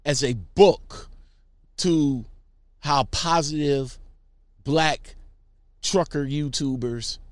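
Man, casual commentary, slow unhurried delivery, rambling and emphatic, dry recording. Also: fairly high pitch, no room sound. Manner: rambling, repeats words, emphatic. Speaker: YouTuber reading viewer comments.

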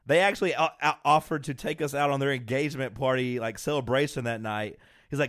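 A man's voice: medium pitch, quick pace. A man co-hosting a casual chat, telling a story with energy and acting out quotes. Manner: animated storyteller, acts out quotes, laughs often. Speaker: podcast co-host.

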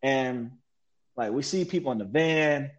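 A man telling a story as a guest in an interview, animated and slangy, mimicking sounds as he relives events. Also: mid-range voice, measured pace, lo-fi sound. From United States. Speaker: guest, military veteran.

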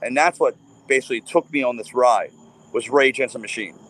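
Profane, animated man telling stories. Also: medium pitch, fairly quick. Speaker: podcast guest. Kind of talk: casual chat.

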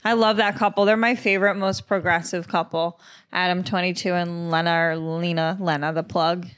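A woman's voice: on the low side, steady tone, moderate pace, a bit bright, clear, resonant tone. A woman hosting a podcast in comedic casual chat, asking blunt, provocative questions with frequent laughs. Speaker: podcast host.

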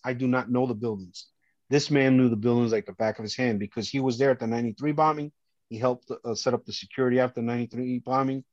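A middle-aged man, telling a personal story as a podcast guest, earnest and animated, often acting out what others said. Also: mid-range voice, no room sound, highs cut off.

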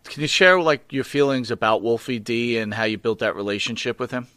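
A man of middle pitch hosts a casual interview, setting up each question politely and at length before handing it over. His voice sits dry and close to the mic. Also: a little fast, pushed and bright, no room sound. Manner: polite, asks long lead-in questions. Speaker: interview host.

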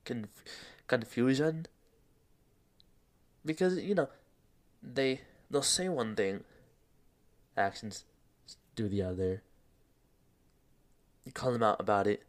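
A man's voice: mid-range voice, slow, long pauses. A young man hosting a solo podcast, rambling in casual slang, laughing at himself and a bit out of breath. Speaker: podcast host.

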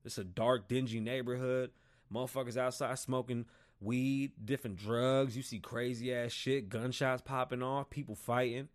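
A man in his thirties hosting a casual monologue, telling stories in a profane, animated and rambling way. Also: medium pitch, moderate pace. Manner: rambling, digressive. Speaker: podcast host.

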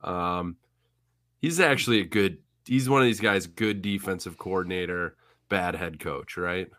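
A man's voice: sits low, a little slow, sharp tone, no room sound, clean studio sound. A young man co-hosting a casual sports podcast, wry and mocking as he talks the team through. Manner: wry, mocking, slips into silly put-on voices. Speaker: podcast co-host.

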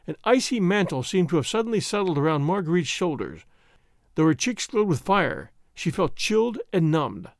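A man narrating a classic novel as an expressive audiobook reading. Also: sits high, normal speed, no echo, clean studio sound. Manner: expressive storytelling.

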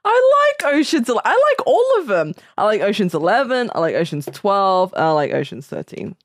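A woman's voice: mid-range voice, sing-song, a little fast, dry recording, clean studio sound. A woman co-hosting a casual movie podcast, laughing often and firing back defensively. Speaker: podcast co-host. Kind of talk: casual chat.

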